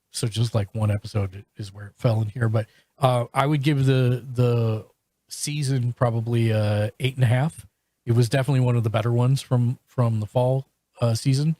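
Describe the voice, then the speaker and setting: A man's voice: medium pitch, dark tone, no echo. A man hosting a podcast, chatting casually and reviewing shows, with frequent restarts and fillers. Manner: halting, full of restarts and fillers. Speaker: podcast host.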